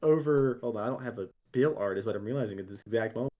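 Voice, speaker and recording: A man's voice: fairly low pitch, fast, warm tone. A young man narrating casually as game master, with many fillers.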